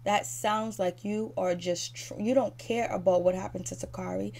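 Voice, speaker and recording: A woman's voice: mid-range voice, fairly even intonation, moderate pace, gravelly, darkish tone. A woman giving a fired-up, critical recap of a reality show, speaking straight at the cast and leaning on fillers like "so anyways". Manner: repeats fillers like "so anyways" and "you know". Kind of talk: ranting recap commentary.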